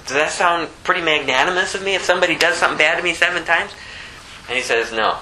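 A man giving an informal sermon, talking conversationally and acting out the people in his stories, climbing high when he stresses a point. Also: sharp tone, a little hiss or hum, low-quality recording. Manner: conversational, plays out the story characters in quick voices. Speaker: preacher.

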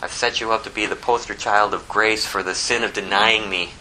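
Male pastor preaching; bright, forceful tone, lowish pitch. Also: a little fast, slight background noise, rough recording. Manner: animated, quotes scripture in a rising voice, prays softly. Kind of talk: sermon with scripture reading.

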